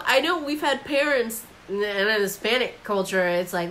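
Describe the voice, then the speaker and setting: At a normal speed with few pauses, a woman gives an informal Bible commentary, peppering it with "like" and acting out quoted voices in a chatty way. Her voice is mid-range and fairly bright, though the recording is rough.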